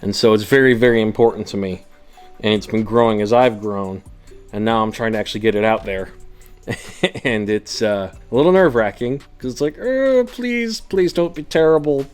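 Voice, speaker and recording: A man's voice: fairly low pitch, brisk, smooth, soft background music. A young man in his twenties with a Midwestern American accent, rambling through a casual vlog and often breaking off mid-sentence. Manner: rambling, self-interrupting, laughs often. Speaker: vlogger.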